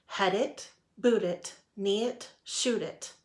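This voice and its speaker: A woman voicing a fussy frog father who coaches soccer, in a storybook read-aloud, with loud, urging calls. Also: medium pitch, slow pace, natural voice.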